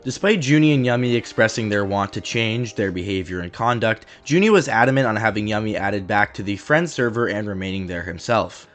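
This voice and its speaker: A man narrating a scripted online commentary video as its host, reading in a measured, matter-of-fact way. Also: lowish voice, lively intonation, a bit bright, faint music behind.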